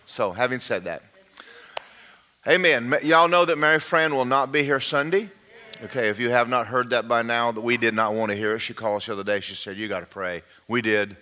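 A man's voice: mid-range voice, a little fast, pushed and bright. An older man, a pastor giving a folksy, rambling informal sermon talk. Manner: folksy and rambling, often restarting.

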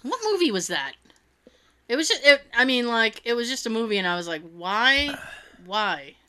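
A woman's voice: on the high side, big pitch swings, fairly quick, a bit bright, clear, resonant tone. A woman chatting casually and reading out funny stories, giggling and acting out quotes in silly voices.

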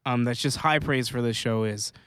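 A man's voice: medium pitch, a bit bright, clean tone, dry recording, studio quality. A man co-hosting a podcast, chatting casually about a series, with lots of restarts and fillers. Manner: rambling, halting restarts and fillers. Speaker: podcast co-host. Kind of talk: casual chat.

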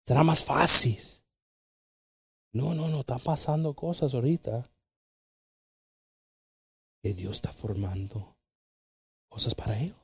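A man preaching a bilingual sermon with passion, dropping to hushed whispers and rising to shouts. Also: medium pitch, vocal fry, husky, no echo, clean studio sound.

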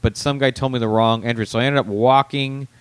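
A man's voice: medium pitch, fairly even intonation, fairly quick, clean tone, no echo. A young man chats on a podcast, telling a long anecdote in a rambling way and acting out what people said. His voice is recorded close and dry, with no room sound. He swears casually as he goes. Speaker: podcast co-host and comedian. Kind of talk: casual chat, storytelling.

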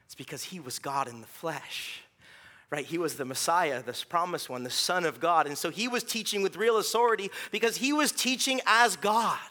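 A male pastor preaching a sermon in a relaxed, conversational way, often restarting phrases and checking in with a "right?". His voice sits high for a man and sounds bright and forward.

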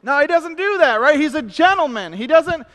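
High-voiced preacher man in reverberant church. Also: expressive, normal speed. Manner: swings between emphatic preaching and hushed, intimate asides; humorous self-deprecating asides. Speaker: pastor. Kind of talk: sermon.

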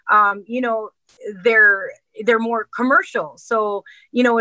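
A middle-aged woman, a singer talking on a radio show. Her voice is bright and forward, and the sound is close and dry. She talks earnestly, circling back with restarts and fillers. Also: a little high, dry recording, rough recording. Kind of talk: casual interview talk.

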